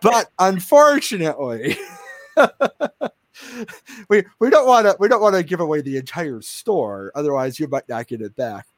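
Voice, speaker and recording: A man's voice: on the high side, very animated, normal speed, dry recording, clean studio sound. A man hosting a casual interview, chatty, with many fillers and restarts and frequent laughter. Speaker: interview host.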